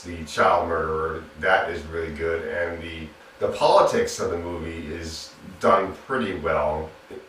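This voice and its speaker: A man's voice: low-pitched, fairly bright tone, a little hiss or hum. A man giving a casual spoken film review in a plain, stop-and-start way, often restarting his words. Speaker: movie reviewer. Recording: very echoey room, mic at a distance.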